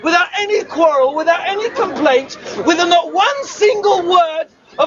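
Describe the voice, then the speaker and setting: A man giving a fervent open-air speech to a crowd, often shouting and throwing rhetorical "huh?" questions at his listeners. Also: very high-pitched, normal speed, few pauses. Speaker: street preacher. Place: outdoor public speaking spot in a city park. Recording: dull lo-fi outdoor recording with crowd.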